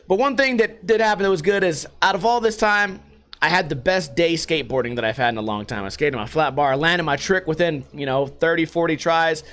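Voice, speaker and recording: A man's voice: fairly high pitch, sharp tone. A man hosting his own podcast, ranting casually and profanely with a mocking edge. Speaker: podcast host. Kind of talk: casual rant. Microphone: podcast microphone.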